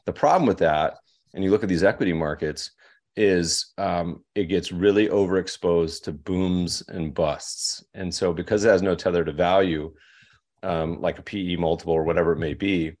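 Male podcast guest, deep register, loose rambling delivery full of fillers. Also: a little mellow. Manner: rambling, with many fillers and restarts. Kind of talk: casual podcast conversation.

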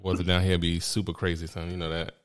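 Brief: deep-voiced New host, relaxed slangy banter, easy laughter. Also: male voice, quick pace, smooth. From New York. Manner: laid-back, slangy, laughs easily. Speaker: podcast host. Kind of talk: casual chat.

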